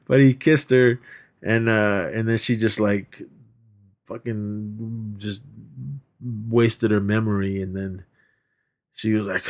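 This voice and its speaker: A man's voice: on the low side, steady tone, a little slow. Laid-back man recapping a movie. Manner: rambling, laughs often, acts out quotes. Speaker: podcast co-host. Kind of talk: casual movie recap chat.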